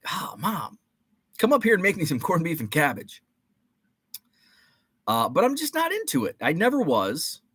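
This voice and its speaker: A man's voice: on the high side, a bit bright, dry recording, clean studio sound. A man hosting a casual live stream, chatting and greeting viewers by name with rambling asides. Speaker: podcast host.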